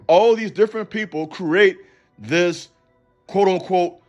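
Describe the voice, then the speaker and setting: Man, passionate commentary monologue, emphatic, slangy, a little high-pitched. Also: a little fast, soft background music. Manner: emphatic, preachy, slangy and direct. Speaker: YouTube commentator and counselor.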